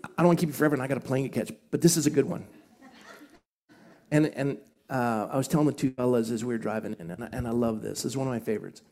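A man from Scotland, a pastor, preaching at a live event in an animated storytelling way with quick asides. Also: medium pitch.

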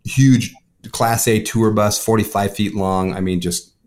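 A man, a pastor, telling his life story in casual conversation, rushing with repeated words and restarts. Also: on the low side, steady tone, a little mellow. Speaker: pastor and guest. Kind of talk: casual spoken testimony.

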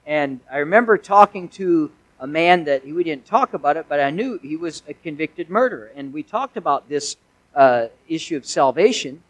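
A man's voice: on the high side, lively intonation, normal speed, dry recording, rough recording. A male pastor delivering a sermon in a conversational way, with folksy asides and emphatic swells.

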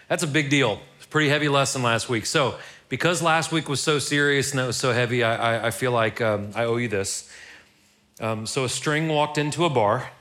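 A man's voice: mid-range voice, a little fast, bright, forceful tone. Guy pastor preaching, chatty and casual, keeps repeating words, regular mid voice. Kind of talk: sermon.

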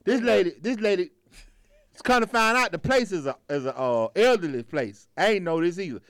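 A man tells a rambling story with lots of cussing. His voice is high and jumps all over. The sound is dry and close. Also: brisk, dry recording. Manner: animated, swearing, laughs through the story. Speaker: rideshare driver telling a story. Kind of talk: casual storytelling.

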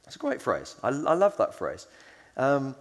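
A male conference speaker's mid-range voice swoops wildly in pitch at a measured pace, with a long reverb tail behind it. Storytelling is his approach; he acts out quoted voices and speaks conversationally, with fillers and restarts.

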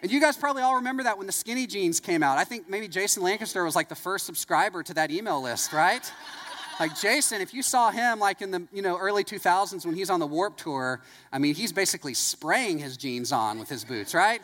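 Man, sermon, casual anecdotes, slightly high pitch, reverberant hall. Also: animated, a little fast, a bit bright. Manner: conversational, anecdotal, full of "like". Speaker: pastor.

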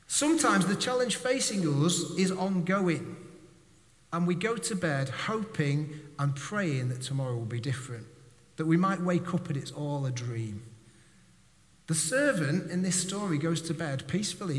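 A man's voice: sits high, a bit bright, long reverb tail. A male preacher giving a conversational sermon with jokes and direct questions to his congregation.

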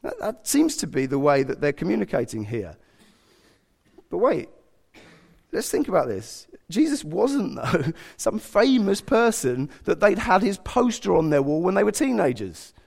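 A man delivers a sermon with a lively, swooping delivery and a gravelly edge to his voice. He talks conversationally and slips into voices to act out the quotes. His pitch sits on the higher side for a man. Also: unhurried. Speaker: preacher.

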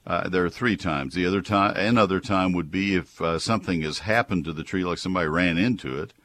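Deep-voiced male radio host giving advice. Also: fairly bright tone. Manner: explanatory, patient, polite with callers. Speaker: radio gardening show host.

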